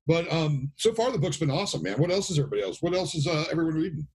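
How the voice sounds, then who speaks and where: A man's voice: fairly high pitch, big pitch swings, racing, a little mellow, husky. A man hosting a podcast in casual chat, easygoing and tossing in "man" often. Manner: easygoing, says man a lot.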